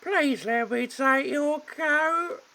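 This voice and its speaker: A shrill, fussing young maid with a squeaky, bright falsetto, as a man puts her on. The voice sits far above a normal speaking range and rings sharp. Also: very slow, vocal fry, exaggerated voice. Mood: prim.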